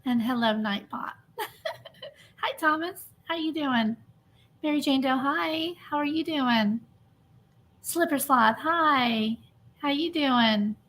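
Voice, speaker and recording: A woman hosting a true crime livestream, chatty and a bit hurried, sounding emotionally drained as she greets viewers by name. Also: sits high, a bit bright. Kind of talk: casual livestream chat.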